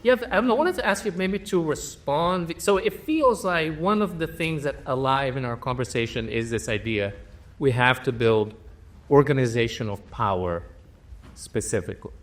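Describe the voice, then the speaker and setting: A man's voice: mid-range voice, lively intonation, moderate pace. A man moderating a panel discussion, friendly and joking before posing a question.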